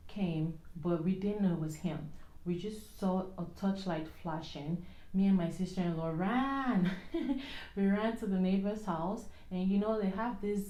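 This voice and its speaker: A woman tells a story to her camera while doing her makeup at home. She tells it in an animated way, with many fillers and restarts. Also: fairly low pitch, reverberant. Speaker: vlogger.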